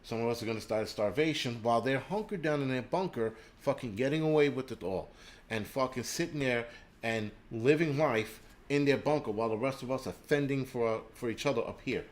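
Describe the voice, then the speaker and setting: A man's voice: mid-range voice, brisk. A man hosting a livestream, ranting angrily and profanely, stopping to read out viewer comments and donations. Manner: reads viewer names and donations aloud. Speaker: livestream host.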